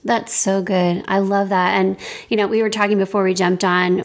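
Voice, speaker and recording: A woman's voice: mid-range voice, little pitch movement, normal speed. A woman hosting a faith-based podcast, talking in a reflective and affirming way. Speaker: podcast host.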